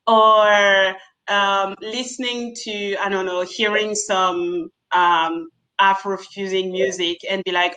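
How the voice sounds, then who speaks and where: A woman bartender speaking frankly on a video-call panel, animated and laughing often, with many fillers. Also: mid-range voice, takes it slowly, rough recording. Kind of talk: candid panel discussion.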